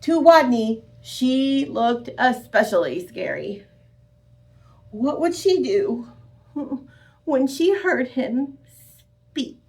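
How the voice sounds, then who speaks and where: Woman storyteller for children, high voice, unhurried and expressive. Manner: expressive, sing-song, addresses children directly. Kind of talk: children's read-aloud.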